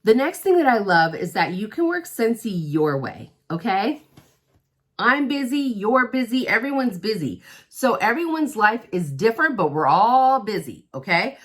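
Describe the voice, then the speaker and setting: An upbeat middle-aged woman talks straight to her viewers in a casual sales pitch. Her pitch swings widely as she chats. She keeps checking in with a quick "okay?". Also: very animated. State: out of breath. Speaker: direct sales consultant. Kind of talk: casual direct-to-camera pitch.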